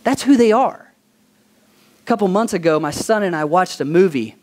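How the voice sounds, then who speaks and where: A pastor preaching a sermon, asking the congregation questions for call-and-response and telling stories with animation. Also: male voice, high voice, normal speed. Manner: animated storytelling.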